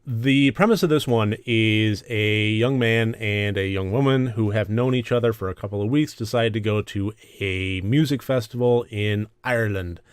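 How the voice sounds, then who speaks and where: Low-voiced man reviewing a film, dry sound. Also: normal speed, few pauses, smooth, no echo. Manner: rambling, many fillers, self-deprecating asides. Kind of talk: casual movie review monologue.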